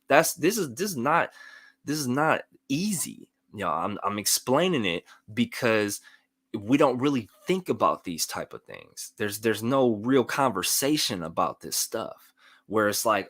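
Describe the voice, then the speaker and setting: A man's voice: mid-range voice, big pitch swings, normal speed, fairly bright tone, no echo. A man hosting a live motivational talk, explaining earnestly and often checking in with "right?". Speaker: motivational show host.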